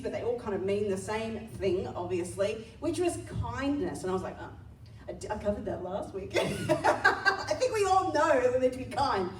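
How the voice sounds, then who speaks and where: Young woman preacher, chatty and self-deprecating, slightly high voice, echoey hall, mic a little distant. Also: a little hiss or hum. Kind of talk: sermon with a personal story. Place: church hall.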